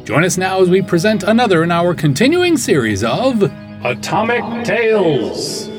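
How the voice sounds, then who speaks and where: A man announces a story show in an old-time radio style, his voice rising and falling with energy. Guitar music plays clearly behind him. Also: sits high, very animated, moderate pace.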